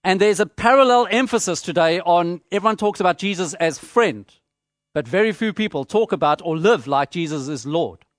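A man preaching a sermon, measured and emphatic, repeating phrases for rhetorical effect. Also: sits high, animated, dry recording, studio quality.

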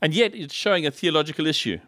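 A man from Africa, preaching a sermon in a lively style full of rhetorical questions and humorous asides. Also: on the high side, fast, no echo. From South Africa. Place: church in Liverpool.

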